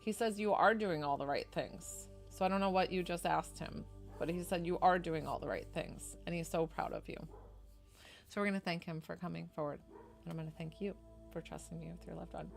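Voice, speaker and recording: A woman's voice: on the low side, fairly quick, vocal fry, faint music behind. A woman from New York doing a chatty, effusive psychic reading on a live stream. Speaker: psychic medium.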